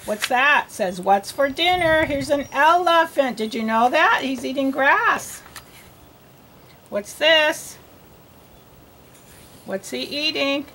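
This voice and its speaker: A woman with a fairly high voice teaches a young child to read, going very slowly and sounding out letters one at a time. She repeats words patiently, and a faint hum of room noise sits behind her. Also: lively intonation, sharp tone. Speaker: reading teacher. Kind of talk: slow read-aloud phonics lesson for young children.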